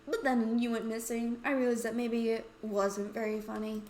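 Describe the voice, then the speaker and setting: A loud, giddy young boy from a story game, as a woman reads him out. He bursts out with high, eager words, and the recording has a roomy echo. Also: level tone, normal speed, slight background noise, lightly acted. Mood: sheepish. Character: excitable young boy classmate.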